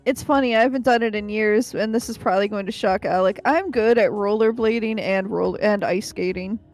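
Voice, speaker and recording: Brief: female co-host, mid-pitched voice, relaxed, chatty. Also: brisk, soft background music. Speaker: podcast co-host. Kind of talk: casual chat.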